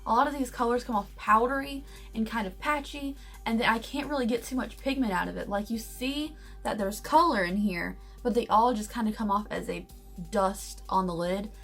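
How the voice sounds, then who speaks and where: A woman's voice: a little high, normal speed, a bit bright, soft background music. Chatty young woman reviewing makeup. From United States. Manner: chatty, candid, enthusiastic. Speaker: beauty vlogger. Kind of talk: casual product review.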